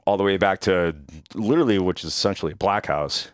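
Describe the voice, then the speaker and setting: A young man hosting a podcast, telling a story in a casual, profane and animated way. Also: low voice, fast talker, no room sound, studio quality. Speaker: podcast host.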